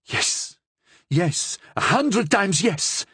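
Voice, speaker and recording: A man's voice: on the high side, very animated, moderate pace, husky, dry recording, studio quality, pitched above the performer's own voice. A man voicing a jealous, hot-headed young marquis who talks in an agitated, indignant way. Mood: furious.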